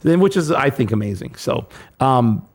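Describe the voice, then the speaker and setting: A man's voice: medium pitch, lively intonation, moderate pace. A man hosting a casual podcast chat about a retro video game, joking and teasing his co-host. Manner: joking, teasing, sets up punchlines.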